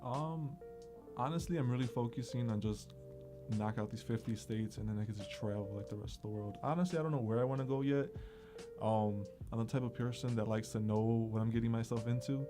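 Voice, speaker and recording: A young man chats easily on a radio date, words tumbling out fast. His voice is mid-pitched for a man. Music plays beneath him in the studio. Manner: easygoing, talks fast. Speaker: dating show guest. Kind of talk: casual chat.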